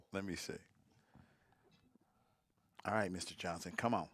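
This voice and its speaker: A man's voice: sits low, very slow, husky. A man doing casual live commentary on a pool stream, teasing the players, giggling often and talking straight to his viewers.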